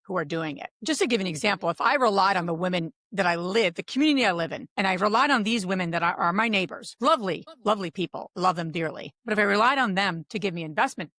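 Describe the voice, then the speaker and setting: A middle-aged woman from Pennsylvania, a podcast guest who tells stories with animated quoted voices. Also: mid-range voice, quick pace, hardly any pauses, dry recording, clean studio sound. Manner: animated storyteller, acts out quotes. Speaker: podcast guest, real estate investor. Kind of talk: casual interview talk.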